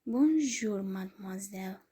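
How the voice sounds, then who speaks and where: A woman's voice: medium pitch, lively intonation, measured pace, warm tone. A woman whispering the lines of a polite, formal French male chauffeur in a whispered role-play story reading. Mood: courteous. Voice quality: breathy whisper.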